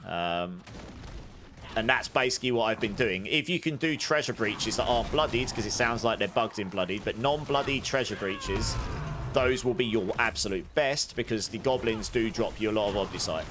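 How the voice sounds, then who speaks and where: Speaking at normal speed, a man chats with his live viewers while streaming a game, rambling and correcting himself as he goes. He's loud, and you can hear him breathe between sentences. The high-gain desk studio mic picks up clear background noise.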